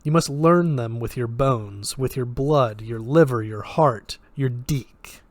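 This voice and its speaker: A man voicing a sardonic male magic professor who speaks in a flat, lecturing way with a Russian accent. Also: medium pitch, takes it slowly, dry recording.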